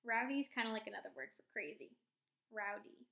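A woman teacher giving a recorded phonics lesson, dictating spelling words slowly and clearly and repeating each one. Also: mid-range voice, very animated, pushed and bright.

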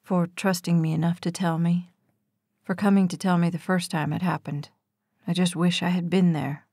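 A woman reading the part of a caring, protective young man in an audiobook, speaking softly and turning firm. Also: fairly low pitch, steady tone, moderate pace, slightly rough, dry recording, clean studio sound. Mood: tender. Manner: soft, gentle, firm when pressed.

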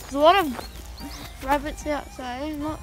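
Woman vlogger, high unhurried voice, rambly and casual, phone mic outdoors, background music playing. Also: fairly even intonation, poor audio. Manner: rambling, many ums. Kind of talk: casual vlog narration. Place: outdoors on a farm. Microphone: handheld phone camera.

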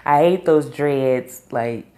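A woman's voice: a bass voice, slow pace, mellow. A middle-aged woman reviewing a reality TV episode in casual, opinionated chat, laughing often.

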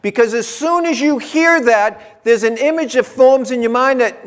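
A man's voice: extremely high pitch, normal speed, few pauses, clear, resonant tone. A male pastor preaching a sermon in a church, talking conversationally and driving points home by repeating them. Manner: conversational preaching with emphatic repetition. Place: church sanctuary.

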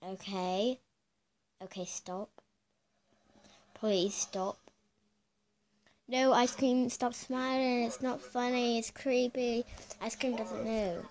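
A chatty woman vlogger with a slightly high voice, reacting to clips in casual commentary. She exclaims freely and keeps turning to her viewers to point things out. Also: fairly even intonation, slow pace, pauses often, darkish tone.

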